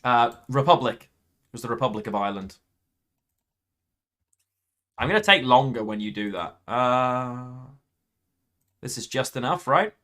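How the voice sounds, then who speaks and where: A man's voice: medium pitch, animated, a little slow, long pauses, fairly bright tone. A man commentating his own card game play, thinking aloud and counting points under his breath. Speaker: gaming YouTuber.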